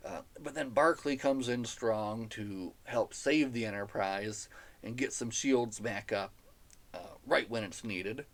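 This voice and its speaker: A man's voice: mid-range voice, slow pace. A man hosting a podcast, recapping a novel in a casual, enthusiastic way, chatty and laughing now and then at the silly plot. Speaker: podcast host reviewing a novel.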